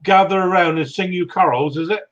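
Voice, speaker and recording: A man's voice: sits high, fairly quick, dull audio, a little hiss or hum. A man hosting a casual group video call, friendly and teasing, calling everyone mate. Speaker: livestream host.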